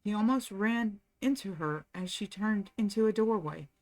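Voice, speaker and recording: A woman's voice: mid-range voice, moderate pace, a little mellow. Woman reading a novel aloud. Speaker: channel host reading aloud.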